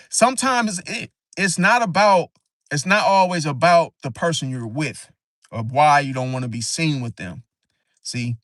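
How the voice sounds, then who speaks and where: Casting: man, slightly high voice, AAVE speech, rambling talk-show host with frequent restarts, dry mic. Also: fairly bright tone, no echo. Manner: rambling, halting, frequent "see?" tag. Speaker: astrology channel host. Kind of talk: casual livestream talk.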